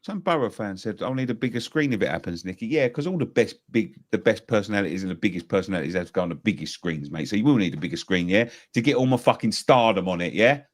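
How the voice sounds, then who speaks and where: A man's voice: fairly low pitch, animated, fast talker, few pauses. A man co-hosting a fan show, blunt and sweary in casual banter. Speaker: co-host. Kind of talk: casual chat.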